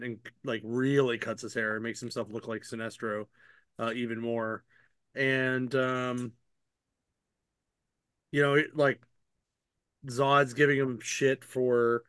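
A man's voice: medium pitch, a bit bright, clean tone, no echo, studio quality. A man hosting a casual chat, rambling with many fillers and restarts as he retells story scenes in his own voice. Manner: paraphrases characters' lines in his own voice. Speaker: podcast host reviewing comic books.

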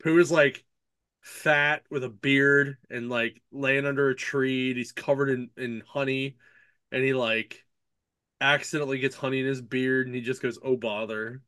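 A man's voice: mid-range voice, level tone, moderate pace, pushed and bright, clear, resonant tone, no echo, clean studio sound. A man hosting a casual book chat, recapping a plot in a rambling way, laughing often and leaning on lots of fillers. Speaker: podcast host reviewing books.

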